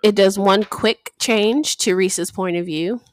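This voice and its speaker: Podcast co-host, woman, lively plot recapper, close dry mic. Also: medium pitch, slow pace, no echo. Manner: animated recapping, playfully acting out characters. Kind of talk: casual book-club chat.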